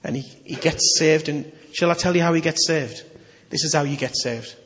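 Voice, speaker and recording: A male preacher gives a lively, chatty sermon in a fairly high voice. His words ring out in a long hall reverb, with a slightly dull, muffled tone. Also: normal speed. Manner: animated, conversational, emphatic.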